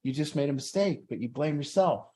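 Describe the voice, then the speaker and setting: A man's voice: fairly high pitch, expressive, brisk, mellow. A man talking earnestly to a recovery group, acting out people's inner voices as he explains. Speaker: group facilitator. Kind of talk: motivational group talk.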